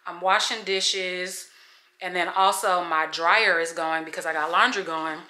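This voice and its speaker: A young woman vlogger ranting casually to her viewers at home, slangy and animated as she talks straight to camera. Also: fairly low pitch, measured pace. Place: home kitchen. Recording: echoey room.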